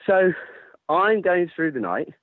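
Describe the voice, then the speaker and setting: A man telling a running story in casual chat, animated, swearing and laughing as he goes. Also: high-pitched, takes it slowly, no echo. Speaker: ultrarunner guest. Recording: tinny phone-line sound, dry.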